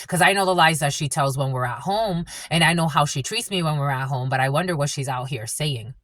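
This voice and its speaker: Blunt, bright-voiced woman channeler. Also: sits low, fairly quick, dry recording. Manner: rambling, profane, blunt. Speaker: spiritual channeler and tarot reader. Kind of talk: casual intuitive reading monologue.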